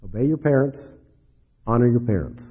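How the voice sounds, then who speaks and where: A man preaching a sermon, dropping low and soft then rising for emphasis. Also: expressive, moderate pace, slightly rough. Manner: dramatic, swings between soft drops and rising emphasis. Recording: dull lo-fi recording.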